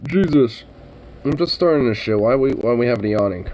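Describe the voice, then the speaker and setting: A man's voice: mid-range voice, animated, a little fast, mellow, slight background noise, low-quality recording. A man streaming live and chatting casually, rambling with many fillers and frequent swearing.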